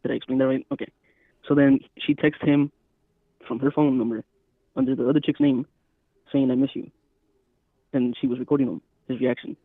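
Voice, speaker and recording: Gravelly man on a tinny, dry line. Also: medium pitch, fairly even intonation, a little fast, long pauses, no room sound. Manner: checks if he is understood, laid-back. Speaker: podcast co-host. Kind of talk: casual chat.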